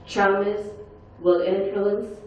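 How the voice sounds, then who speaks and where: A woman's voice: medium pitch, level tone, slow, darkish tone. Middle-aged woman telling her own story with intensity, recorded from far off in a big echoing hall. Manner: earnest, intense storytelling with acted-out quotes. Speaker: survivor giving a talk at a forum session. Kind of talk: personal testimony speech. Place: large conference hall. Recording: echoey, distant, dull hall recording.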